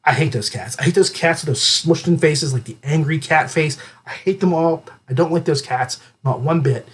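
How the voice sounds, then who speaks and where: A man hosting a podcast and reviewing books in a casual chat, excitable and jokey, rambling with many restarts. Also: fairly high pitch, normal speed, slightly rough. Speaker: podcast host reviewing audiobooks.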